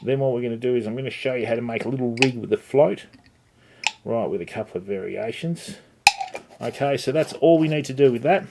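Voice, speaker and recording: A man's voice: medium pitch, a little fast, vocal fry, noisy background. A middle-aged man, hosting a casual live-stream tutorial on tying flies and chatting with viewers as he works. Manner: chatty, greets viewers by name, lots of "mate" and "okay". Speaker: livestream host teaching fly tying.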